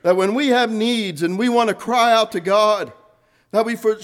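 A man preaching a sermon, earnest, rising to fervent emphasis and then dropping soft. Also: sits high, moderate pace.

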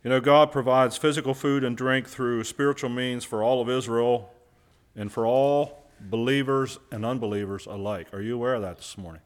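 A man's voice: medium pitch, fairly even intonation, normal speed. A man preaching a sermon, who puts questions to his listeners and answers them himself, and stresses key words by repeating them.

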